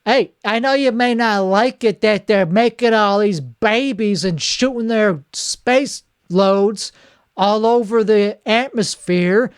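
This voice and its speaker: A male comedian in a solo monologue, rambling in a deadpan way and correcting himself mid-sentence. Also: sits high, takes it slowly, smooth, no room sound, clean studio sound.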